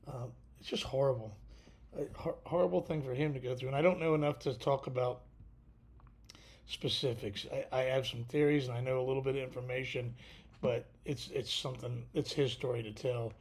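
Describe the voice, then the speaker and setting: A tired man hosting a casual livestream, talking haltingly with many fillers and restarts. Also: medium pitch, steady tone. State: tired, yawning. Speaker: podcast host.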